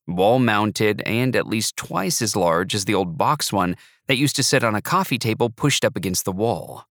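Low-voiced man narrating an audiobook. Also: normal speed, few pauses, fairly bright tone, no room sound, clean studio sound. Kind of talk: first-person audiobook narration.

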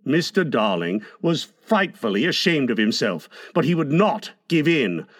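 A man narrating a classic children's story in a measured, expressive way. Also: medium pitch.

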